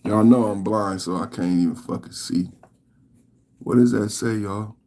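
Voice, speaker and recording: A man hosting a podcast, giving casual, excitable, profane reaction commentary and laughing often. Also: on the low side, unhurried. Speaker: podcast host.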